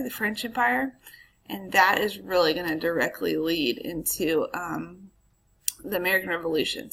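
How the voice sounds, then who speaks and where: A woman's voice: on the low side, creaky, sharp tone, low-quality recording. A woman history teacher giving a casual recorded lecture, chatty and full of ums, with asides to her students.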